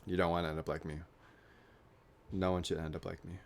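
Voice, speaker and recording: A man's voice: sits low, level tone, fast talker, vocal fry. A young man talking casually to camera in a rambling, self-mocking way, joking about himself and his goals. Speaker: YouTuber. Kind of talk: casual vlog monologue.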